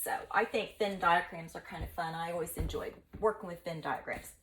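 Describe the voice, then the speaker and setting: A woman teacher giving a recorded online math lesson in a lively, playful, chatty way. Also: lowish voice, fairly quick, a little hiss or hum.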